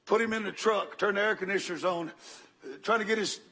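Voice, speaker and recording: An older man preaching a sermon, telling a story dramatically and swinging from loud bursts to hushed tones. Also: sits high, quick pace, breathy edge.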